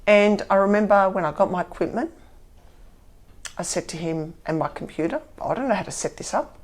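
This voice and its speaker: A woman's voice: mid-range voice, a little fast. A woman, candidly telling her own story and acting out what people said to her. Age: 50s. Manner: animated, acts out quotes.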